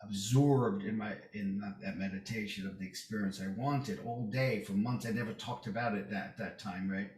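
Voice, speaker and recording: Male podcast guest, lively storyteller who mimics others, recorded distant in a reverberant room. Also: on the low side, moderate pace, few pauses. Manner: animated, acts out quoted voices. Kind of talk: casual storytelling chat. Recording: roomy echo, distant mic.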